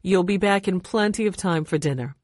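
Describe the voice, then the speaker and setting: Friendly chatty lodge owner lady from a storybook, low voice, dry close recording, read by a woman. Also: fairly quick, darkish tone, no echo, lightly acted.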